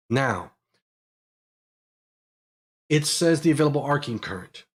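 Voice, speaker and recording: Male host, Pittsburgh accent, live tech Q&A; rushes in energetic bursts, lots of ums, drifts off-mic now and then. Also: mid-range voice. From Pittsburgh, USA. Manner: energetic, fast bursts with fillers. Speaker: electrical engineering educator. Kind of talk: live technical Q&A talk.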